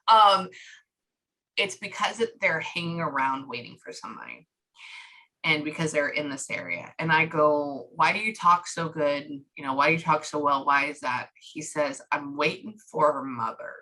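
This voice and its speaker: A woman giving a psychic reading, relaying a spirit's words in chatty, lively bursts. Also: low voice, unhurried, rough recording. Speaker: psychic medium.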